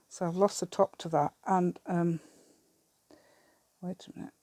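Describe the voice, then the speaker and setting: A woman's voice: fairly low pitch, steady tone, takes it slowly, pauses often, mellow, no room sound. A British woman hosting a craft channel, chatting through a crafting demonstration and rambling to herself with giggly asides.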